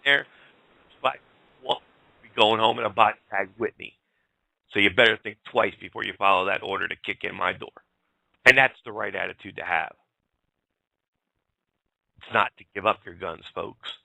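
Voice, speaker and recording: A man's voice: fairly low pitch, moderate pace, creaky, pauses often, bright, forceful tone, no room sound, rough recording. A man hosting a talk show, ranting bluntly and heatedly. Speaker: show host.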